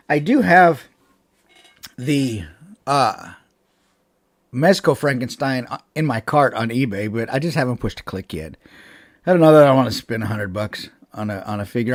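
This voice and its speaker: A man's voice: medium pitch, no room sound. A man hosting a casual live stream from home over a webcam, rambling with fillers and restarts and laughing often. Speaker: channel host chatting with live viewers.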